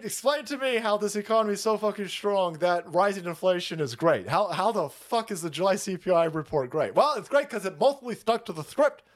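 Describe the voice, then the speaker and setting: High, animated, foul-mouthed male ranter. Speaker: streamer host. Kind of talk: profane political comedy rant.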